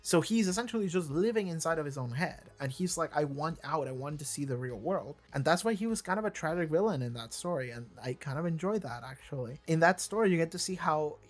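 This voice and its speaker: A man's voice: a little high, animated, fast talker, few pauses. A man hosting a reaction video, rambling through casual commentary with lots of fillers, restarts and casual swearing.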